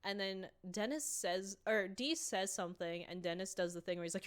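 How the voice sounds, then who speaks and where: Here a woman with a medium-pitched voice co-hosts a podcast, chatting casually about a sitcom at a moderate pace with few pauses. She brings scenes to life by acting out the lines, sprinkling in plenty of "like".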